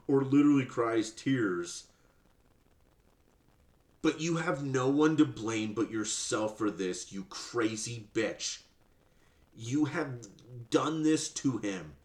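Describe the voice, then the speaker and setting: A man's voice: lowish voice, lively intonation, slow, pauses often, echoey room. A man hosting a podcast, ranting sarcastically and profanely in mocking commentary. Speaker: podcast host.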